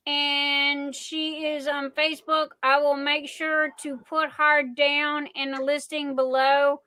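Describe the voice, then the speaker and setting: A middle-aged woman hosting a casual livestream, telling stories in a rambling, excitable way. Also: sits high, takes it slowly. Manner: rambling, excitable, chatty storytelling. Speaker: livestream host.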